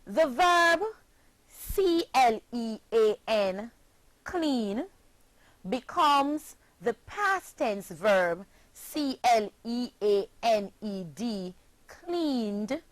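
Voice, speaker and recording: A woman teaching an English pronunciation lesson, spelling out words letter by letter in a slow, deliberate way. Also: fairly high pitch, no echo. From Jamaica.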